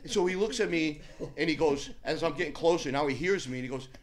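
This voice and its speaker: A man's voice: fairly high pitch, fast talker. A brash middle-aged man telling a profane gym story in a casual podcast chat. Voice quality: brash, profane storyteller with a loud, animated delivery. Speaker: guest storyteller.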